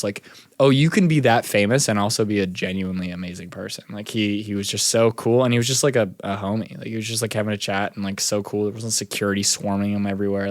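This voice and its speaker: A young man talks in a relaxed, rambling way, full of fillers as he tells a story. His voice sits a little low. The sound is dry and close. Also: no echo. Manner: laid-back storytelling, many fillers. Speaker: musician guest. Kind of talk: casual interview chat.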